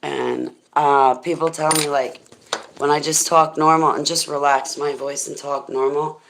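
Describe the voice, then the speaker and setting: A woman with a deep, smoky voice hosts a casual livestream, drifting from topic to topic in a goofy, rambling way. She sits low in her range and takes her time, unhurried between thoughts. Now and then she stops to thank viewers in the chat. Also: steady tone, creaky, background noise. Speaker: livestream host.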